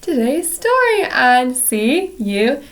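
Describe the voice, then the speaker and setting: Slow sing-song woman reading to kids. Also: on the high side, very animated. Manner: very slow, clear and sing-song, with many affirming yeses. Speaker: English teacher reading to children. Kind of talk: slow read-aloud storytime for young learners.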